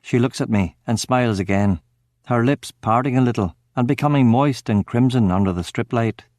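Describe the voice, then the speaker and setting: A man giving steady, measured first-person narration of a crime novel audiobook. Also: mid-range voice, no echo, clean studio sound.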